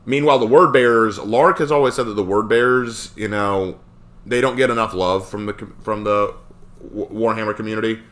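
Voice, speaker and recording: A man streaming live, reading and answering chat questions in a rambling, animated way with frequent fillers. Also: fairly low pitch, fairly quick.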